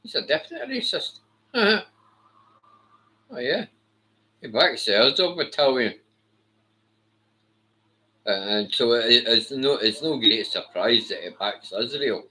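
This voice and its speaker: A man's voice: mid-range voice, lively intonation, slow pace, pauses often, pushed and bright, poor audio. A man delivering a blunt, profane, scornful monologue to camera. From Britain. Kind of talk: ranting monologue.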